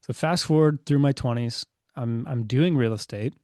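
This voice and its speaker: A man's voice: medium pitch, normal speed, dark tone, no room sound. Chatty man in his thirties, dry sound. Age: 30s. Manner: chatty, many fillers, acts out quoted dialogue. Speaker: podcast guest, business owner. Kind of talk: casual storytelling interview.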